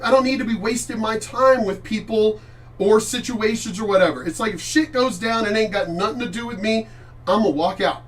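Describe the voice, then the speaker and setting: A middle-aged man gives casual reaction commentary in a high voice, blunt and full of swearing. He rambles and restarts his sentences. He sits some distance from the mic. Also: fairly quick. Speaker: channel host reacting to clips.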